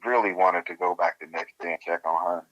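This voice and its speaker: Deep, bright-toned Louisiana man. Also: fairly quick, highs cut off. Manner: colloquial, animated storyteller. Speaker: guest researcher. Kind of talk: casual storytelling interview.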